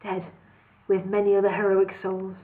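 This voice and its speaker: Woman reading as a wry, calm elf lord. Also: mid-range voice, normal speed, close to an everyday voice. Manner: light and matter-of-fact. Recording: tinny phone-like sound.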